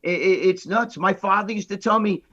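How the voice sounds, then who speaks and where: High-voiced blunt storytelling man. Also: fairly even intonation, brisk, bright, forceful tone, slightly rough, dull audio. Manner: blunt storyteller, swears freely. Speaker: podcast regular. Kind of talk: casual chat.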